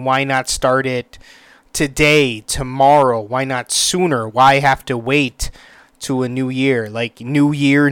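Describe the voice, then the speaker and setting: A young man rambles through a solo podcast episode in an easygoing, unscripted way, full of fillers and restarts. His voice is smooth and resonant, at a middling pitch. The recording is close and dry. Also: a bit bright, no echo. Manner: rambling, many fillers and restarts, casual swearing. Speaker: podcast host. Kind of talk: casual solo podcast talk.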